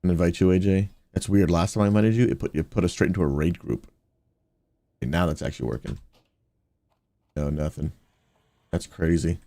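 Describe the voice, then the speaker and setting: Deep-voiced pastor streaming a game. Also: male voice, a little fast, pauses often, warm tone, no room sound. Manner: upbeat, talks straight to chat, slips into preaching. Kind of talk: casual livestream chat while gaming.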